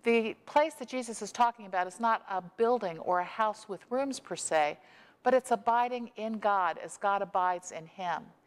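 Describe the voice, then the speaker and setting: A woman pastor delivers a sermon, reading scripture and then telling a story in a measured, unhurried way. Her mid-pitched voice carries a long reverb from a church sanctuary. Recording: long echo of a church hall.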